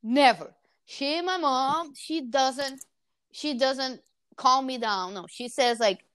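A woman's voice: sits high, slow, a bit bright, no room sound, studio quality. A woman in her thirties in casual chat, telling stories animatedly and acting out the voices she quotes. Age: 30s.

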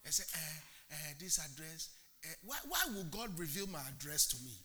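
A male pastor preaching an animated sermon in church, asking the congregation rhetorical questions and swinging from loud to hushed. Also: on the high side, moderate pace, a crowd in the background.

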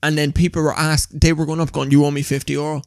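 A man's voice: on the high side, flat delivery, fast talker, gravelly, darkish tone, no echo, clean studio sound. A young Irish man, co-host of a podcast, telling a story in casual chat with lots of laughing and acted-out voices. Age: young adult.

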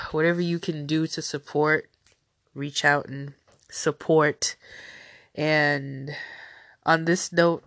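A woman with a low, nasal, stuffy voice hosts a casual solo news podcast. She rambles in a chatty way, full of fillers. The sound is dry and close, with no room around it. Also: fairly bright tone, no room sound. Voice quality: nasal from a cold. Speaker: podcast host.

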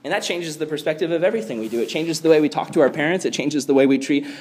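High-voiced youth pastor preaching. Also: male voice, racing, rough recording. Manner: animated, acts out quoted voices; conversational with fillers like "like". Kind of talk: youth sermon.

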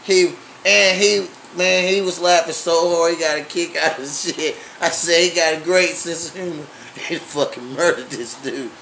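A man hosting a casual podcast chat, telling animated, profane stories and laughing often. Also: fairly high pitch, moderate pace, gravelly, hardly any pauses, a little hiss or hum, low-quality recording. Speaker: podcast host.

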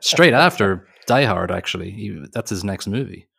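A man's voice: on the low side, expressive, normal speed, gravelly, fairly bright tone, husky. A man co-hosting a movie podcast, chatting in a rambling, jokey way that keeps correcting itself. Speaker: podcast co-host. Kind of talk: casual movie podcast chat.

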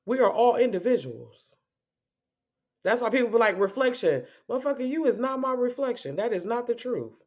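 A woman's voice: on the high side, very animated, brisk, a little mellow. A woman giving a profane, confrontational spoken rant as a spiritual vlogger, cursing heavily and repeating herself.

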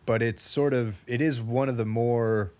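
A man's voice: medium pitch, fairly even intonation, measured pace, a little mellow, smooth. A man from the Midwest co-hosting a podcast, chatting casually, laughing often and correcting himself as he goes. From American Midwest. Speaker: podcast co-host. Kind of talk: casual chat.

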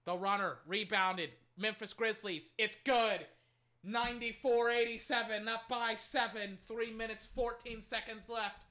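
A fan doing casual play-by-play commentary on his own microphone, excitable and quick to rant and swear at players and referees. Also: mid-range voice.

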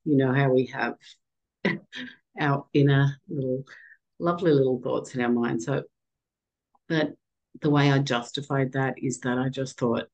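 A middle-aged woman as an interview guest, telling a personal story in a halting, emotional way with many restarts. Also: very deep voice, fairly even intonation, vocal fry, darkish tone, poor audio.

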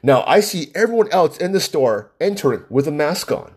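A man's voice: on the high side, very animated, normal speed, a little mellow, slightly rough. A man giving a casual, heated monologue, repeating words for emphasis and firing off rhetorical questions. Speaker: commentator. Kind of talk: casual political rant to camera. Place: Hawaii.

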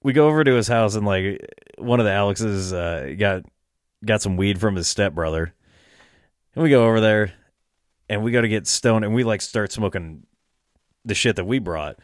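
A man's voice: lowish voice, moderate pace, pauses often, dry recording, clean studio sound. A young man telling a long, rambling story in casual chat, with lots of fillers and swearing, often breaking into laughter.

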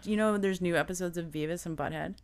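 A woman's voice: fairly low pitch, fast talker, darkish tone. A woman co-hosting a podcast, chatting casually, laughing often and trailing off mid-sentence. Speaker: podcast co-host. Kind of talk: casual chat.

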